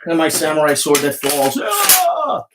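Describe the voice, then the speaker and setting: A man's voice: on the high side, expressive, normal speed, noisy background. A middle-aged man with a New York Italian-American accent, chatting casually on a livestream, rambling, swearing freely and greeting viewers by name. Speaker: comic artist hosting a livestream. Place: indoors, home studio with art supplies. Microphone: phone.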